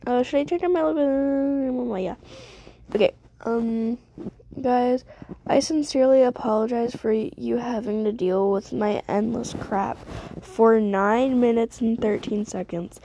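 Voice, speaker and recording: A woman's voice: a little high, unhurried, dark tone, a little hiss or hum. A young woman streamer giving rambling, self-deprecating casual commentary while she plays a game.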